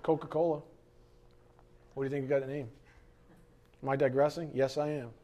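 A middle-aged man preaching a sermon in an animated, conversational way, with frequent asides to the congregation. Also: mid-range voice, a little fast, slight background noise. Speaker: pastor.

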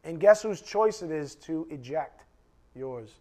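A male preacher with a somewhat high-pitched voice gives a conversational sermon to his class. He speaks straight to the congregation with blunt, emphatic delivery. He punches key words loudly, then drops into quiet, muttered asides. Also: expressive, a little slow. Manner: emphatic and direct, addressing the congregation. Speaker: preacher teaching a Bible class.

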